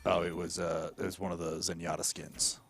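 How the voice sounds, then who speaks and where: Young man, low pitch, gravelly fry, casual gaming chat, swears a lot, ranting. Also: flat delivery, a little fast, a bit bright, no echo. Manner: swears freely, rants about the game. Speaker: streamer.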